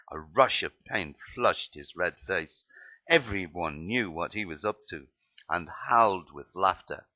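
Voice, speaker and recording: Deep-voiced man reading his memoir aloud, plain delivery, lo-fi sound. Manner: plain reading with slips and restarts. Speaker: narrator.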